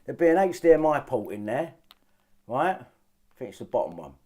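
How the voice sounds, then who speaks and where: A man's voice: medium pitch, big pitch swings, moderate pace, dark tone. A man ranting to his viewers, agitated and swearing often, repeating himself to drive points home. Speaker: vlogger. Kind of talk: ranting monologue to camera.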